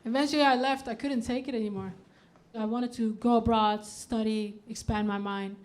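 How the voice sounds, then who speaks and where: Woman stand-up comic, high voice, deadpan delivery with punchy impressions, live club mic with faint noise. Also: normal speed. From Denmark. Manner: deadpan setups, punchy acted-out quotes. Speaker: stand-up comedian. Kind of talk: stand-up comedy set. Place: comedy club stage. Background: audience laughter.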